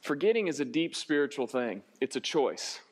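A man's voice: medium pitch, big pitch swings, normal speed. A young man, a pastor, preaching a sermon in a casual, joking way that turns earnest. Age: young adult. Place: church sanctuary.

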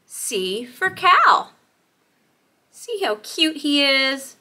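A woman's voice: sits high, very animated, slow pace, bright, forceful tone. A woman hosting a toddler learning video, cooing and sounding out letters in an exaggerated, sing-song way. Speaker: children's teacher and host.

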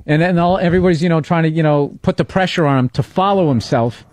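A man with a Boston accent hosting a podcast, chatting casually and telling quick, animated stories with plenty of swearing. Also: on the high side, no echo. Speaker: podcast host. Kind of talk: casual comedic chat.

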